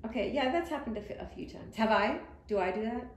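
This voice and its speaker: A woman with a lively, fairly high voice that moves a lot. She teases in a playful way during casual chat. The room is echoey. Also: quick pace, gravelly, a little hiss or hum. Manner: teasing, playful. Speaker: co-host.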